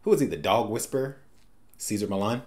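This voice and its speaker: A man's voice: lowish voice, lively intonation, fairly quick, over music. A man hosting a first-time movie reaction, making jokey, wisecracking asides. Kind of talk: casual reaction commentary.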